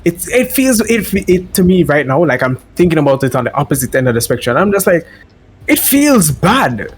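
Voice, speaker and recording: A man's voice: on the high side, sing-song, a little fast, a little hiss or hum. A man in a casual podcast chat, blunt and emphatic, swearing casually.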